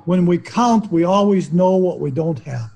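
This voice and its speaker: A man's voice: sits high, lively intonation, normal speed, gravelly, warm tone, breathy edge, rough recording. An older man, a hypnotherapist guest, talking in a philosophical, rambling conversational way. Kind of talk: casual conversation.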